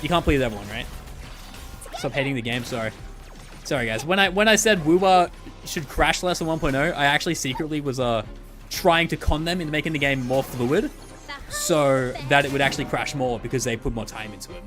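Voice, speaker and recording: A man's voice: mid-range voice, brisk, fairly bright tone. A man streaming about gacha games in a casual, rambling way, joking and swearing freely. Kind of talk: casual livestream commentary. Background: faint background music.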